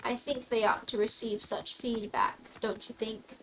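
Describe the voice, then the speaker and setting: A young woman is livestreaming a game and chatting away in a high, bubbly voice. She keeps things playful, giggling often and slipping into mock-formal phrases. A faint hiss sits under her talk. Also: fairly even intonation, unhurried, fairly bright tone, low-quality recording. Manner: playful, giggly, rambling, mock-old-fashioned asides. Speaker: streamer. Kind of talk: casual gameplay commentary.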